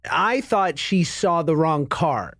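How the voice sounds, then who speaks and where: A man's voice: on the high side, animated, a bit bright, no room sound. Joking man on a podcast, dry mic. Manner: playful, jokey, quick to laugh. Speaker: podcast co-host. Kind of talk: casual comedic chat.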